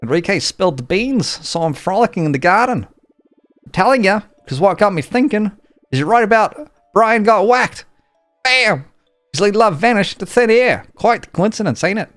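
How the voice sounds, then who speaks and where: A man's voice: high-pitched, lively intonation, moderate pace, a bit bright, no room sound, soft background music, pitched above the performer's own voice. A man voicing a boastful, gossiping male tavern keeper in a put-on Australian accent, with folksy slang. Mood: gossipy. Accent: mock Australian.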